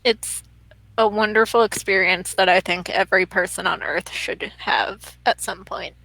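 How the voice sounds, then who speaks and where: A woman with a bright, crisp voice, recorded close with no room echo. She chats casually during a tabletop game, rambling loosely and saying "like" again and again. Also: mid-range voice, fairly even intonation, normal speed. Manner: rambling, says "like" often. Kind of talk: casual game-night chat.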